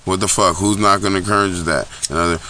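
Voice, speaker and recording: A young man with a somewhat low voice rants in blunt, profane commentary, circling back over the same points. It is a home podcast recorded on cheap gear, with a faint hum of room ambience behind him. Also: steady tone, quick pace, sharp tone. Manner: blunt, profane, repetitive ranting. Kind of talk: casual commentary. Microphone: low-end home recording setup.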